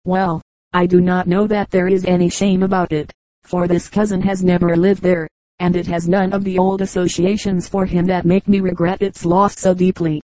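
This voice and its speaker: A woman reading the part of a calm middle-aged gentleman father in a storybook, in a measured, explanatory way. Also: lowish voice, no echo, close to an everyday voice, rough recording.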